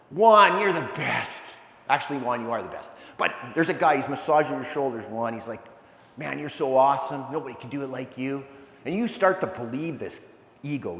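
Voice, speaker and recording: Energetic man speaking in an echoey hall. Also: mid-range voice. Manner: energetic, animated storytelling with asides to the crowd. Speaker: keynote speaker. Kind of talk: motivational talk to a live audience. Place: large event hall. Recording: echoey hall, long reverb.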